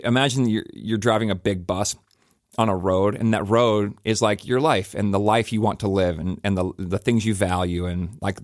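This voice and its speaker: A man's voice: on the low side, dry recording, studio quality. A middle-aged man, a pastor, reflecting on grief in a rambling, conversational way with many fillers and restarts. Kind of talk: reflective personal talk.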